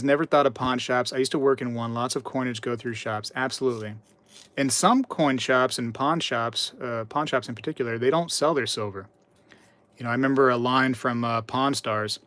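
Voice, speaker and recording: The recording has no room sound as a livestream host with a medium-pitched, fairly bright voice runs a casual stream. Chatty and prone to repetition, he reads viewers' messages out and shares anecdotes.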